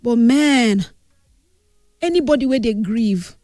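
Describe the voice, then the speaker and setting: In a studio-quality recording with no room sound, a woman mourning a friend delivers a heartfelt spoken tribute, switching between English and Pidgin in her Nigerian accent. She speaks slowly, and her voice sits on the high side with a slightly mellow quality.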